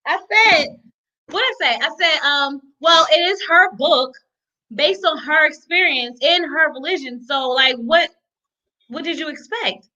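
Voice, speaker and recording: A high, bright woman's voice that comes through a little dull and lo-fi. She co-hosts a casual live chat, expressive and quick to laugh. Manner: laughs often, conversational and expressive.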